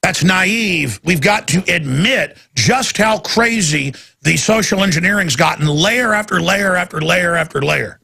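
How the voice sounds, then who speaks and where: A man's voice: high voice, animated, measured pace, creaky, few pauses, pushed and bright, husky. A man hosting a talk radio show, ranting emphatically in a heated monologue and taking callers. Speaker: radio host.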